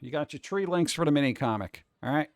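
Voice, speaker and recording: Man, casual livestream chat, rambling, slightly high voice, dry sound. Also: animated, fast talker, no echo. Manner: rambling, talks to chat while doing tasks; hands-on, step-by-step instructions. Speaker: livestreaming artist.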